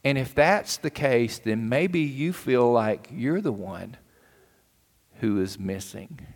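A man's voice: medium pitch, lively intonation, slow pace. A man preaching a sermon in a folksy, earnest storytelling way. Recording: long hall reverb.

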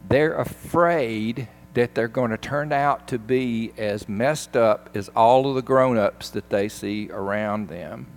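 A pastor giving a sermon, retelling a film scene in an animated, emphatic way. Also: male voice, mid-range voice, slow pace, hardly any pauses, faint music behind.

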